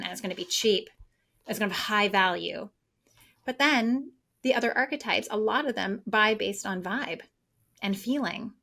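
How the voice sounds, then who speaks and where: A woman business coach talking excitedly and at length in a casual podcast conversation. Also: mid-range voice.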